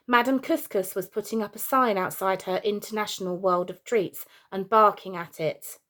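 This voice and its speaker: A woman reads a children's storybook chapter aloud at a plain, steady pace. She keeps a relaxed, unforced delivery, now and then slipping on a word and starting it again. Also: mid-range voice, moderate pace, hardly any pauses. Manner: plain, steady reading with small slips and restarts. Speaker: teacher reading aloud.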